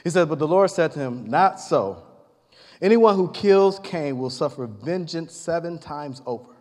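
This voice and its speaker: A man with a fairly high voice preaches a sermon in relaxed, everyday speech, slipping into the voices of the characters as he tells the stories. His words ring out with a long reverb, as if spoken in a large hall. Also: a little slow. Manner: retells scripture casually, acting out the characters' lines.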